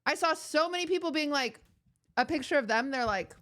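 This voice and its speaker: Young adult female streamer, casual joking chat with viewers, slightly high pitch. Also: animated, brisk, pushed and bright. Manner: joking, rambling, mock-outraged.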